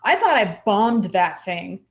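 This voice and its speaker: A woman co-hosting a podcast, a dental hygienist giving encouraging advice in animated casual chat, often saying "like". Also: mid-range voice, a little slow.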